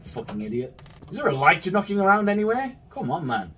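A gaming video creator with a high, husky and slightly bright voice talks fast with big pitch swings as he plays a horror game for let's play commentary. Agitated, he swears constantly and argues with the game, recorded on a distant mic with faint game music.

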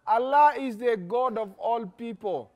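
A man's voice: very high-pitched, unhurried. A young man hosting an interactive children's lesson, acting out little stories and prompting the kids to finish his sentences. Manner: animated, acts out stories, call-and-response questions. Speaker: children's religious teacher and host.

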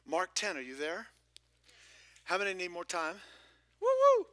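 A man preaching a lively sermon as pastor of a church, shifting between loud exclamations and hushed whispers with playful asides. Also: high voice, unhurried, dry recording. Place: church sanctuary.

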